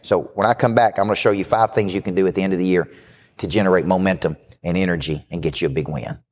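A man hosting a live business show as a coach, giving a brash, fast-talking motivational pitch. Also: fairly even intonation, a little mellow. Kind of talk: live podcast talk. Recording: hall reverb.

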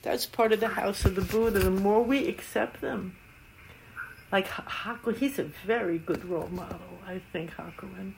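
A woman's voice: mid-range voice, moderate pace, vocal fry, a little hiss or hum. An older woman, a Zen teacher, giving a dharma talk with anecdotes and frequent laughter. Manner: warm storytelling, laughs often.

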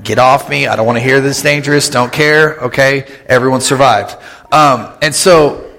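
Casting: man in his thirties, pastor giving a relaxed, jokey sermon, mid-range voice, church hall reverb behind him. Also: mid-range voice, creaky. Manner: joking, conversational, with quick asides and laughs. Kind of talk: casual humorous sermon. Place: church sanctuary.

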